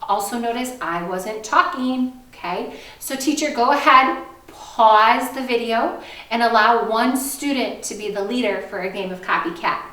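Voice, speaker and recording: A woman's voice: a little high, echoey room, distant mic. Sing-song woman teaching kindergarten music. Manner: sing-song, slow and animated teacher talk. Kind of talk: kindergarten music lesson video.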